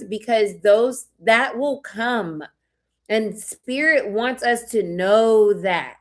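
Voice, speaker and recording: A woman giving a live tarot reading, sad and near tears, talking in a heartfelt, emotional way. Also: mid-range voice. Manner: emotional, heartfelt, spiritual pep-talk. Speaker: tarot reader.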